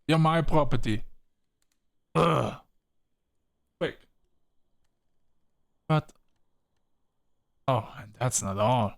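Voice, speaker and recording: A man commentating his playthrough of a story game. He argues with the characters in heated, profane outbursts. His pitch sits in a typical middle range for a man. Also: drawn-out words, gravelly, long pauses. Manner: heated, swearing rants at the characters. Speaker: game streamer. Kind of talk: let's play commentary.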